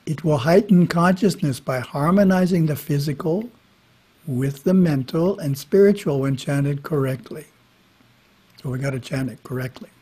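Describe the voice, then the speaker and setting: A man giving a spiritual talk, reading scripture in a measured way with brief casual asides. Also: fairly high pitch, mellow, breathy edge. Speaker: monastery teacher. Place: monastery. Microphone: webinar microphone.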